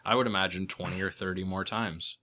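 A man co-hosting a podcast from a studio as its producer, teasing in a dry, deadpan way. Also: sits low, a little fast. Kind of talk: casual studio chat.

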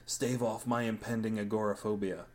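A man's voice: lowish voice, level tone, moderate pace, a little mellow, lightly acted. A man voicing a clingy, anxious young man who pleads and whines. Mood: needy. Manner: pleading, whiny.

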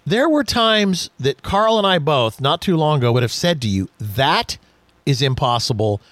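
A man's voice: a little high, moderate pace, no echo. A man hosting a radio talk show about cars, chatting casually and telling jokey stories. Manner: jokey, lively storytelling.

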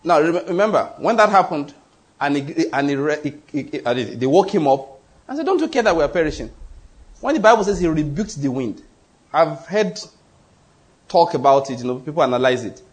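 A man preaching a sermon in an emphatic, animated way, often repeating his points and acting out quoted voices. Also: on the high side, normal speed. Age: adult, goes to the gym.

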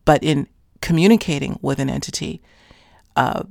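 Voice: mid-range voice, normal speed, gravelly, no echo, clean studio sound. A podcast host telling a story in a casual monologue, rambling with many fillers and self-corrections. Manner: grows more animated toward the end. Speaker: podcast host recounting an interview.

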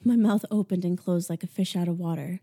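Brief: young woman, first-person audiobook read, mellow and lowish, intimate hush. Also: fairly even intonation, a little fast. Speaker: audiobook narrator.

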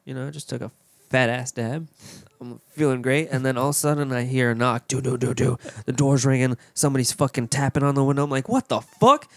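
A young man hosting a podcast, telling a story in a profane, animated way. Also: mid-range voice, quick pace, no room sound. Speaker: podcast host. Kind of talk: casual storytelling chat.

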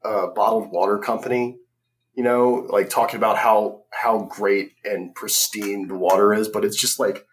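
A man's voice: fairly low pitch, fairly even intonation, moderate pace. Laughing man from the South, podcast riffing. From American South. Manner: laughs often, riffs on bits. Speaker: podcast co-host. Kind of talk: casual comedic chat.

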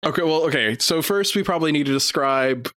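A man's voice: on the high side, expressive, a little fast, fairly bright tone, no echo, studio quality. A young adult man playing a tabletop game, laid-back and swearing casually. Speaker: player.

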